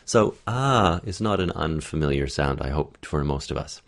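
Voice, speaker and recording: A man's voice: sits low, expressive, moderate pace, few pauses. A man teaching a phonetics lesson, demonstrating vowel sounds, quoting short accent samples and singing brief scales. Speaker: accent and voice coach.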